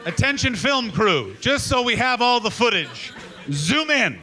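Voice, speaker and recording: A man doing stand-up crowd work, teasing the audience in a brash, profane, rapid-fire way. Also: very high-pitched, sing-song. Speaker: stand-up comedian. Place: comedy club stage before a live audience. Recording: live club recording with crowd laughter. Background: audience laughter.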